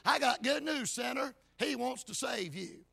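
High, gravelly hollering preacher man. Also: lively intonation, unhurried, dry recording. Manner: shouts, punctuating with "amen" and "hey". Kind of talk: hollering revival sermon. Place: church.

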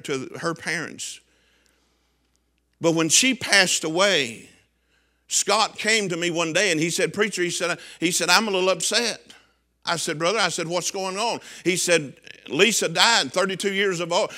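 A middle-aged man preaching a sermon, swinging from loud shouts down to quiet, hushed lines. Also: on the high side. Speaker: pastor.

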